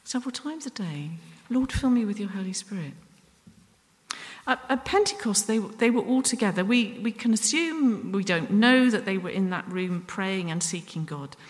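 A woman preaching a sermon up at the front, earnest and self-deprecating, with pauses and restarts. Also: mid-range voice, lively intonation. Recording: long reverb from a hall.

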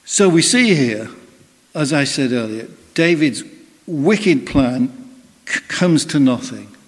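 Male preacher, mid-pitched, chatty storyteller, voices the people he quotes, church hall reverb. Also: lively intonation, slow. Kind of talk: sermon with personal anecdote.

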